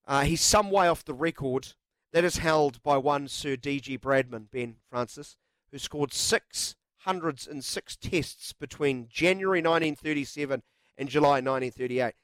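A man's voice: a little high, normal speed, fairly bright tone, smooth, no echo. A man hosting live sports talkback radio in a studio, chatty and jokey with lots of filler words. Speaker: radio sports show host. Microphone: studio microphone.

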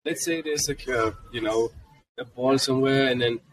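A man in his forties with a German accent, a guest on a podcast, telling family stories in a lively, casual way and acting out what his kids said. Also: medium pitch, moderate pace, a crowd in the background. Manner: animated, jumps into quoted voices of his kids. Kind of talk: casual storytelling. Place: convention podcast booth. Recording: voice a bit distant from the mic.

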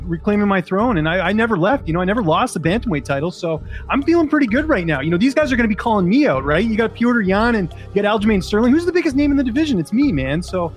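A man doing an impression of a defiant, cocky fighter who peppers his talk with "man" and "you know.". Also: sits high. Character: defiant American male fighter, bro-ish and cocky.

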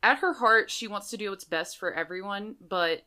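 A woman's voice: mid-range voice, moderate pace, pushed and bright. A woman casually describing her tabletop game character, chatty and hesitant with fillers. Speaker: player.

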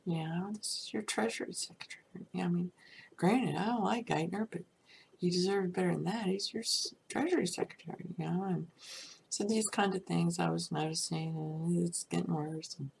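A middle-aged woman with a gravelly, fairly low voice tells her story in a rambling, personal way. She keeps dropping into breathy near-whispers and scattering "you know" through her sentences. A faint hiss of noise sits under the recording. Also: steady tone, normal speed, a little mellow. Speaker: storyteller recounting a personal crisis. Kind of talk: personal testimony.

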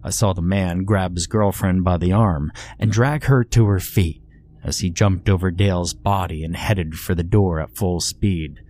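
Deep-voiced man narrating horror. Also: mellow. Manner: measured, grim storytelling.

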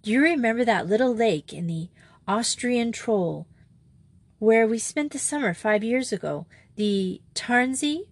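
A woman's voice: fairly high pitch, lively intonation, unhurried, no room sound. A woman voicing a determined, cheerful young woman in an audiobook reading, speaking earnestly and persuasively.

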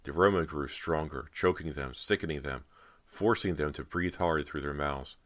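A man narrating a horror audiobook in a measured, dramatic reading. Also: very deep voice, a bit bright.

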